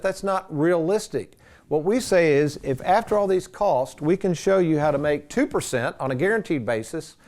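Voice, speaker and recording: A man's voice: on the high side, a little mellow. A man hosting a retirement money show, explaining costs to viewers in a folksy, emphatic teaching way. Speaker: financial advisor and show host.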